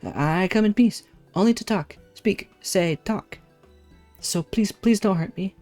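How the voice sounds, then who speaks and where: A man's voice: high voice, unhurried, darkish tone, soft background music. A man voicing a small, frightened kobold boy in a game, pleading with repeated words.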